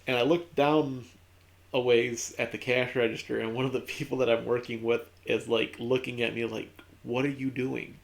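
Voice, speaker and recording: While playing a video game, this streamer rambles through a loose story packed with fillers. He speaks at medium pitch and moderate speed, with fairly even intonation and some vocal fry.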